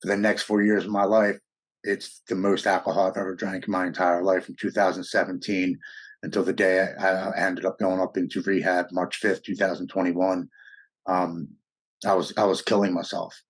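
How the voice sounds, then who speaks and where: Interview guest: husky, lowish man in his forties from the US, earnest and halting as he recounts his past. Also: level tone. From United States. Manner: earnest, halting storytelling with restarts. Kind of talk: personal recovery story.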